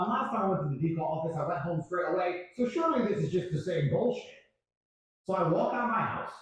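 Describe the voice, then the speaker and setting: A man's voice: a little high, sing-song, fast. A man telling a story on a stream in a profane, emphatic way, acting out other people's voices. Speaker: guest storyteller. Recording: very echoey room.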